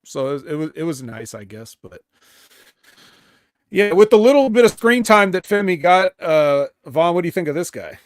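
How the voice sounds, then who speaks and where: A man co-hosting a wrestling podcast over a remote call, recapping matches in a halting way with fillers. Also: on the high side, lively intonation, dry recording. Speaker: podcast co-host.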